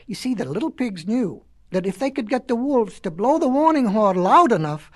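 A woman reading a children's storybook aloud, her pitch rising and falling in a very lively way. Her telling is folksy and expressive. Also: normal speed.

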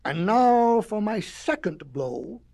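A woman's voice: medium pitch, sing-song, vocal fry, dark tone, breathy edge, exaggerated voice. Woman doing a growling, pompous big bad wolf. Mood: menacing. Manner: growling, pompous, drawn-out delivery. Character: boastful, greedy big bad wolf, male. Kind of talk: storybook reading.

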